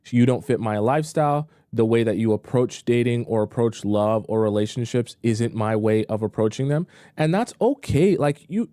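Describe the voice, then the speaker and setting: A man running a casual dating-advice livestream and talking straight to his chat. His voice is mellow and warm, and it sits at an everyday middle pitch. He makes his points emphatically and repeats them, and the close-miked sound is dry. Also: dry recording. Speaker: dating coach and live-stream host. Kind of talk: casual live-stream advice talk.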